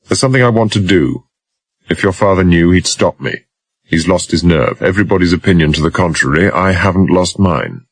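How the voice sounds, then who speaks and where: A man's voice: low-pitched, animated, fairly quick, husky, dry recording, voice pushed up, exaggerated voice. A man voicing a cocky young adventurer who talks wryly and teasingly in an audiobook. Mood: firm. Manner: wry, teasing, quietly menacing.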